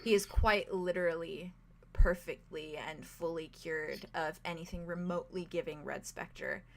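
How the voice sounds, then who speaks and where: A woman narrating as game master of a tabletop game in an animated, chatty way, full of fillers. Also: on the low side, normal speed, a little hiss or hum.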